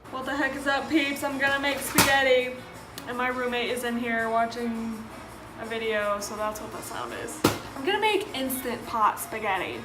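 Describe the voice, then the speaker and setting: Loud music plays behind this young adult woman, whose slightly high voice has lively intonation and a moderate pace. A college student vlogger, she chats through a casual cooking video, self-deprecating and often exasperated by her mishaps, in an echoey room full of clattering dishes.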